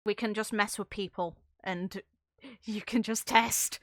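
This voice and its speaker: A woman's voice: mid-range voice, steady tone, unhurried, fairly bright tone, no echo, studio quality. A woman from the UK hosting an interview, asking friendly questions and giggling often. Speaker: interviewer, host. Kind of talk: casual interview chat.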